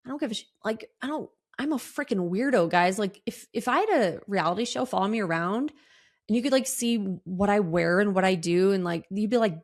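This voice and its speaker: A woman, hosting a solo podcast and talking candidly in a rambling way, full of fillers, restarts and lively quoted asides. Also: brisk. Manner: animated quoted asides in a higher voice. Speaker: podcast host.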